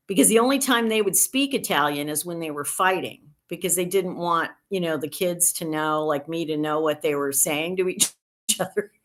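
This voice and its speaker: A woman in her sixties from the United States hosting a casual livestream, chatting in a rambling way with dry humor and answering viewer comments. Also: on the low side. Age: 60s. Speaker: livestream host.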